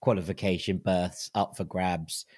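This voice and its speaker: A man hosting a football podcast, chatting in a relaxed, thoughtful way with hedging asides. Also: deep voice, measured pace, dry recording, clean studio sound. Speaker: podcast host. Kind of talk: casual football chat. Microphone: studio mic at night, speaking quietly.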